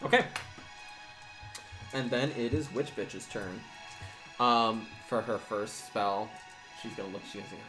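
A man with a low voice runs a tabletop game, calling turns and dice results at an easy pace. He pauses often with ums. Background music plays under the session. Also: sharp tone. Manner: unhurried, pausing with ums. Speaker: game master.

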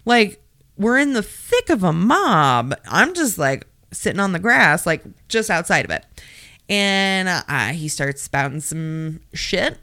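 A woman's voice: lowish voice, big pitch swings, slow pace, sharp tone, dry recording, clean studio sound. A woman co-hosting a podcast, telling a story in casual chat with frequent swearing and sassy asides. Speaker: podcast co-host.

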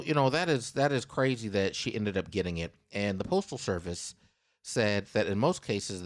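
A lively male podcast host with a fairly low voice that swings widely in pitch. He reads out a news story and jokes with his co-host, his delivery playful and teasing. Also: no room sound, studio quality. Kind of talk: casual podcast chat, reading a news story.

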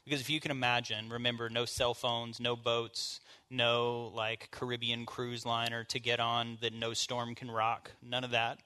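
A man's voice: medium pitch, monotone, normal speed, few pauses, sharp tone. A man leading a church bible study, teaching in an informal, conversational way and asking the group questions. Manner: informal, asks the group questions, casual fillers.

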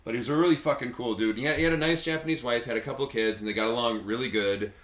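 A man's voice: medium pitch, rapid-fire, fairly bright tone. Rambling crude-talking man in echoey room. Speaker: podcast co-host. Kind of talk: casual chat, storytelling.

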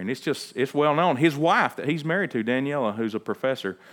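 A man's voice: medium pitch, a bit bright. A man, a pastor, giving a conversational sermon that moves from storytelling into emphatic preaching.

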